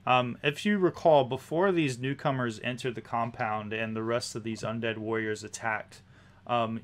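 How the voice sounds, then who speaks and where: A man's voice: medium pitch, slight background noise. A man narrating a tabletop game as game master, describing scenes with hesitant fillers.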